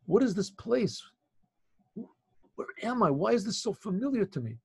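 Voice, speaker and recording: A man voicing a young lost prince who slowly recognizes his home, with wondering exclamations. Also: sits high, sing-song, creaky, darkish tone, voice pushed up, exaggerated voice. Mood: awed.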